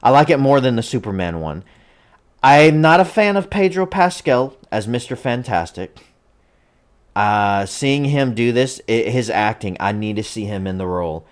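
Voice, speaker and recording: A man giving casual spoken commentary on a movie trailer, rambling and hedging with many fillers and restarts, his voice rising higher and louder when he makes a point. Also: animated, moderate pace. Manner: rises in pitch and loudness when emphatic.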